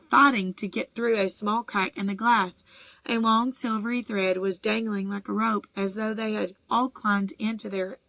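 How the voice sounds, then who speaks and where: A woman narrates an audiobook at a middle pitch, in a steady storytelling manner. The recording is dry and close, with no room echo. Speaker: audiobook reader.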